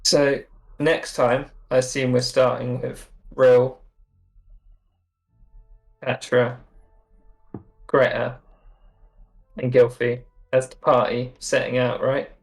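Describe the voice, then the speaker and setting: A game master in casual table talk, thinking aloud in an unhurried way and trailing off mid-thought. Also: medium pitch, level tone, creaky, faint music behind.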